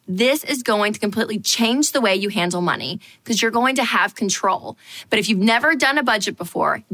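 A woman hosting a money advice show, telling a lively personal story and acting out her own reactions. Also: on the high side. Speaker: show host.

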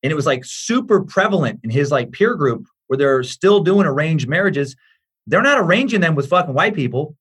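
A man's voice: on the high side, lively intonation, moderate pace, a bit bright, slightly rough. A man who is a comedian, a guest on a podcast, rambling in casual chat with many fillers and emphatic swearing.

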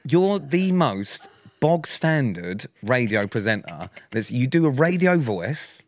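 Man, thirties, mid-pitched, blunt teasing banter, dry close recording. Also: big pitch swings, takes it slowly, no room sound. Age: 30s. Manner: blunt, teasing, swears often. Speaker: podcast co-host. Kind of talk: casual banter.

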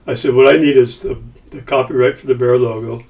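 A middle-aged company founder casually tells a business story in a mid-range, creaky voice, talking a little fast. He's animated and acts out the quoted voices. The lo-fi recording has him somewhat far from the mic.

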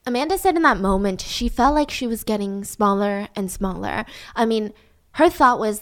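A woman's voice: medium pitch, lively intonation, moderate pace. A woman retelling a true-crime story in a casual, chatty way, full of fillers.

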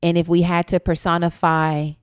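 A woman's voice: fairly low pitch, level tone, normal speed, clear, resonant tone, no room sound, studio quality. A woman co-hosting a podcast in casual chat, candid and reflective, swearing freely and often quoting her own thoughts aloud. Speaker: podcast co-host.

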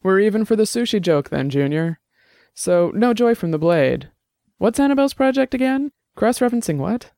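A man voicing a rapidly aging, gruff old former bruiser who talks bluntly and wryly. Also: high-pitched, big pitch swings, darkish tone, dry recording, studio quality, voice pushed up, heavily acted. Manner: blunt, salty, wry.

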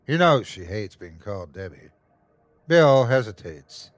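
A male host narrates a horror tale in first person, unhurried and tense. His voice is mid-pitched, recorded close and dry with no room echo. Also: very animated. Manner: slow, tense storytelling.

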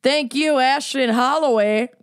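A woman co-hosting a podcast in casual chat, joking and punning as she reads out thanks. Her voice sits fairly high and sounds smooth and clear. She talks slowly and lets her laughter break through. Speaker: podcast co-host.

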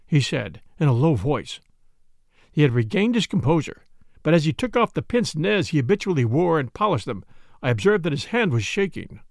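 Gravelly man reading a mystery aloud. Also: a little high, big pitch swings, a little mellow, dry recording, studio quality. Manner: measured storytelling. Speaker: audiobook reader. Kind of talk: scripted first-person narration.

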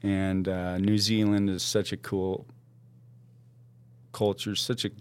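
A man telling a story casually as a podcast guest, animated and laughing often, with slangy talk. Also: sits low, takes it slowly, clean tone.

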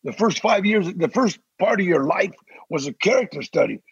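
An older man, a podcast guest, telling animated stories in a casual interview and acting out the voices he quotes. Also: high-pitched, moderate pace, no room sound. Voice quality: gravelly, husky. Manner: animated, acts out quoted voices, growls threats. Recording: dry, slightly dull sound.

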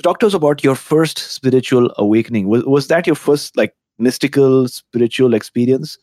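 A man hosts an interview in a medium-pitched voice. He reads a guest's introduction and then asks open, friendly questions. The sound is dry, with almost no room echo. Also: normal speed, a little mellow. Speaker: podcast host.

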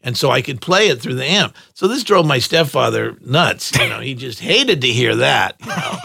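An older man tells rambling stories, laughing often and acting out what people said. His voice is bright and gravelly, with a lively, swooping pitch. The studio sound is close and dry. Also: a little slow, no echo. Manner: rambling storyteller, laughs often, acts out quotes. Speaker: guest musician. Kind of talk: casual interview chat.

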